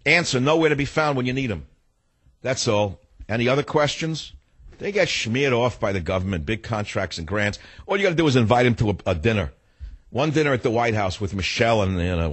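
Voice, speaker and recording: A man's voice: mid-range voice, lively intonation, fairly quick, a bit bright, breathy edge. A man hosting a talk radio show, ranting in an indignant, theatrical monologue into a studio microphone.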